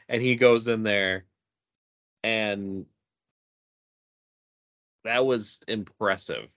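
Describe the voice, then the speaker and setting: A laid-back male co-host talks at an unhurried, drawn-out pace in a fairly low voice. His sound is close and dry, with no room around it. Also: steady tone, fairly bright tone, no echo. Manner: laid-back, agreeable, short replies. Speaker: podcast co-host. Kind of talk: casual chat.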